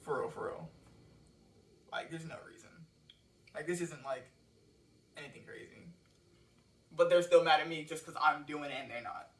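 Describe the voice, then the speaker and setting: Recorded at home through a cheap microphone with a laptop and phone, a distant mic picking up room echo, a man breaks down his own lyrics in a loose, rambling way and swears freely. His voice is on the high side and fairly bright, at a moderate pace broken by long pauses.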